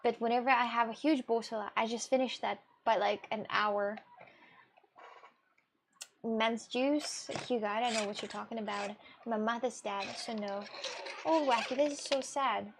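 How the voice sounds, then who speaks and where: A woman's voice: a little high, steady tone, normal speed, gravelly, slight background noise. A young woman streamer from Russia, chatting casually with viewers in a rambling way, with gasps and restarts. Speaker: live streamer.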